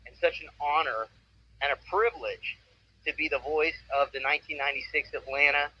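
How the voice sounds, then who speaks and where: A man's voice: a little high, a little fast. Upbeat man in his forties, muffled line. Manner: upbeat, enthusiastic storytelling. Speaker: voice actor, interview guest. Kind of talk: casual interview. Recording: muffled with faint noise.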